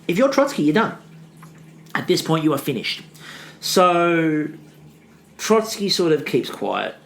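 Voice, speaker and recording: A man co-hosting a history podcast, talking casually and acting out quotes in a lively way. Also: takes it slowly, vocal fry. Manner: animated, acts out quotes with big pitch jumps. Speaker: podcast co-host.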